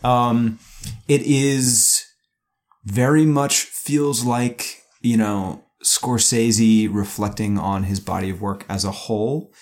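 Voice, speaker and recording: A man's voice: mid-range voice, steady tone, slow pace, darkish tone. A man co-hosting a movie podcast, talking in a playful, chatty way with lots of fillers and restarts. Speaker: podcast co-host. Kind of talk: casual podcast chat.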